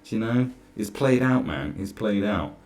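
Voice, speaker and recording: A man's voice: lowish voice, animated, normal speed, darkish tone. A man ranting sarcastically through a reaction commentary, exasperated and swearing freely. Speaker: commentary vlogger.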